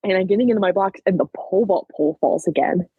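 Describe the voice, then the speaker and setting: Husky young woman telling a story. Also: mid-range voice, fast, dry recording, phone-quality sound. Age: late teens. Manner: chatty, peppered with "like", animated retelling. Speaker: podcast guest, track athlete. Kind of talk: casual storytelling interview.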